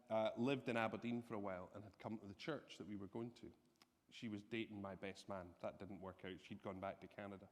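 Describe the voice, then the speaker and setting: A man preaching a sermon, telling a personal story in an animated, self-deprecating way. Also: mid-range voice. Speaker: pastor. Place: church hall. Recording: long reverb from a church hall.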